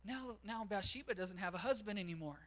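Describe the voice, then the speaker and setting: Man, pastor, church sermon, animated storyteller, high voice. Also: a little fast. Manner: animated storytelling, acts out quotes.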